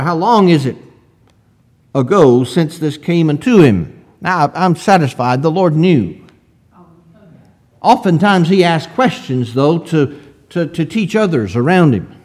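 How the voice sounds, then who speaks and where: A man delivers a slow, deliberate sermon in a fairly high, animated voice with a darkish tone. He reads from old-fashioned scripture, asks rhetorical questions and punctuates his words with swells of emphasis.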